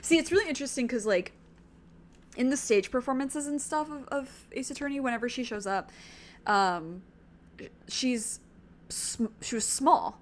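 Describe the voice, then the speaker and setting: A woman's voice: high-pitched, normal speed, pauses often, slight background noise. A woman streaming a game, chatting casually and joking at her own expense. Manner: chatty, self-mocking.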